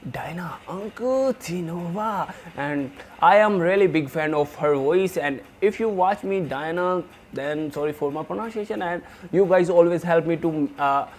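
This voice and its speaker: A man's voice: on the high side, normal speed, hardly any pauses, slight background noise. A man from India with an Indian English accent, hosting a reaction video in eager, simple English. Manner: eager, simple non-native English with restarts. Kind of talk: casual reaction commentary.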